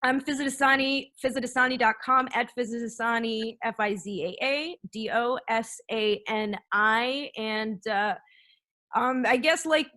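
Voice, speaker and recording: A woman's voice: on the high side, a little slow, pushed and bright. A young adult woman, a comedian co-hosting a casual podcast, who talks loosely with lots of fillers and self-mocking sarcasm.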